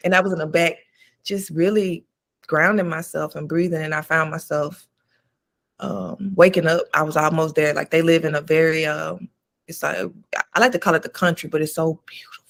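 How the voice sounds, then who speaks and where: A woman's voice: sits low, steady tone, normal speed, vocal fry. A woman doula chatting casually on a talk show, telling stories in a slangy, spiritual way. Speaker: doula and podcast co-host. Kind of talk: casual chat.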